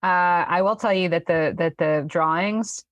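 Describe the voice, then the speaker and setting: A woman narrating a tabletop game as game master, in halting speech with many fillers. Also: on the low side, no echo.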